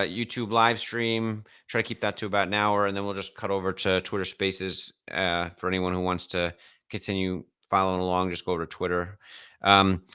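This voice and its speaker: A man hosts a casual investing live stream and keeps it moving as he hands off questions. His voice sits fairly low, but it comes across bright and forward with a smooth, clear tone. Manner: brisk, steering the conversation.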